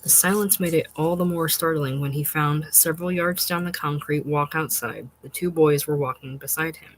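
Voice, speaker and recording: A narrator reading a literary short story in a measured, unhurried and expressive way. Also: mid-range voice, a little hiss or hum, rough recording.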